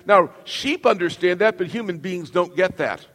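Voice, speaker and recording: A man's voice: sits high, animated, normal speed, fairly bright tone. A middle-aged man preaching a sermon as pastor, emphatic and calling on the congregation to repeat lines after him. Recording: long reverb of a large hall.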